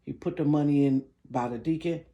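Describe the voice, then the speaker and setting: A man telling a casual storytime tale from his bedroom, chatty and animated, filling gaps with "da, da, da" and dropping into whispers. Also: fairly high pitch, brisk, lo-fi sound.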